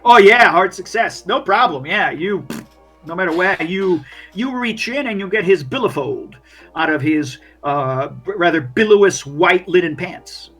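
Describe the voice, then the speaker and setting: A man runs a tabletop game in loose, chatty narration, peppering it with fillers. His voice sits high and bright, and it swoops around a lot. He is animated throughout. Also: measured pace, husky, faint music behind. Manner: chatty, full of fillers like "like" and "you know". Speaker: game master.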